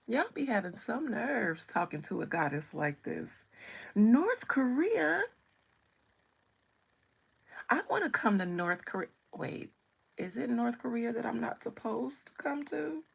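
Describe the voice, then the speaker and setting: Gravelly, husky-voiced woman teasing her live chat. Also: a little high, lively intonation, moderate pace, fairly bright tone. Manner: sassy and playful, teasing viewers. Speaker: live-stream tarot reader. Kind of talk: casual live-stream chat reading comments.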